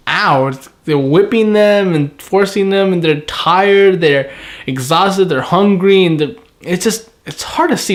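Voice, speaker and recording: A man giving a casual anime episode review, chatty and animated, often laughing and briefly mimicking characters. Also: fairly high pitch. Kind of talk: casual solo review recap.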